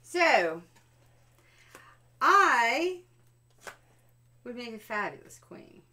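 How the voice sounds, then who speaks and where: Woman w a bright voice, really slow, playful game pitch. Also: big pitch swings. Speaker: board game player. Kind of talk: improvised party game pitch.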